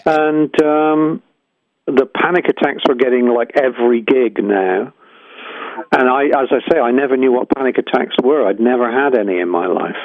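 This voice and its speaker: A man's voice: mid-range voice, normal speed. An older man, a guest musician telling frank, rambling stories full of restarts and acted-out quotes. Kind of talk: reflective storytelling interview. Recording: tinny phone-line sound, dry.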